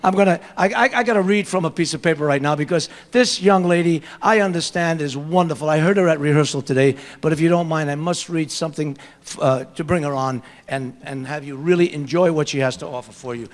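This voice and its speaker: A man's voice: fairly high pitch, a little fast, hardly any pauses. A man with a Brooklyn accent doing stand-up comedy as emcee on an auditorium stage, brash and joking. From Brooklyn, New York. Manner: brash, joking, repeats himself.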